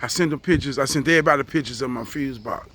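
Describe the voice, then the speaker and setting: A man's voice: medium pitch, quick pace, fairly bright tone, husky. A man telling a casual, profane story, acting out what people said. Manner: loose, profane, acts out quoted voices.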